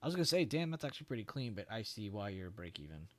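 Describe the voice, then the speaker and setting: This young trading streamer has a lowish voice and talks fast. He keeps things relaxed and chatty, cursing and laughing as he answers viewers and explains the charts.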